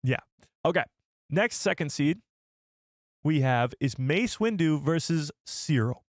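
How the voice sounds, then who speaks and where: A man's voice: fairly high pitch, expressive, slow pace, no echo, clean studio sound. A man casually hosting a live stream, chatty and rambling, often correcting himself mid-sentence. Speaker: host of a live show.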